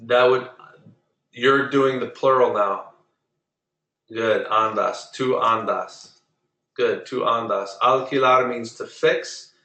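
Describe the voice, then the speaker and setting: Man, language teacher, patient drilling, bright tone, echoey room. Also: medium pitch, steady tone. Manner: patient, drills pronunciation slowly. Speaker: Spanish teacher. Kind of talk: online class lesson. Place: online video meeting.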